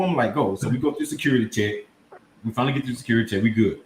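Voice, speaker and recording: A man's voice: medium pitch, rapid-fire. A man telling a comedic story on a podcast, acting out voices and laughing as he goes. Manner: animated, acts out voices and laughs mid-story. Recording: echoey room with faint background noise.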